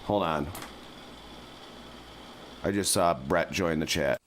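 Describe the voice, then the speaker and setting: A man hosting a comedy call-in show, delivering deadpan rants that flare into yelling. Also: extremely low pitch, slow pace, a little hiss or hum. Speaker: host.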